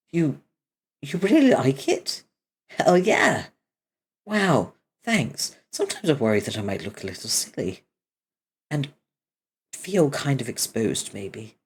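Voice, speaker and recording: Woman reading a comic aloud: deep, husky, lively delivery, switches voices between characters. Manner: adds casual commentary between dialogue. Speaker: reader of a webcomic.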